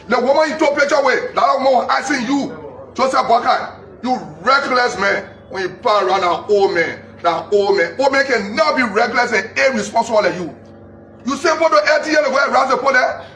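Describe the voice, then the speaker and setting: Angry high-voiced man ranting. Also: fairly quick, slight background noise. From Liberia. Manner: accusing, repetitive, shouting at times. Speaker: political commentator. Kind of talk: angry political rant. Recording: echoey, distant mic with faint ambience.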